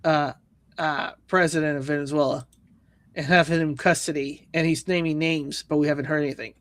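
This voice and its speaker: A man's voice: a little high, fairly even intonation, fairly quick, a bit bright, no echo. A man hosting a livestream, reading viewer comments and news aloud with sarcastic jokes. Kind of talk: casual news roast chat.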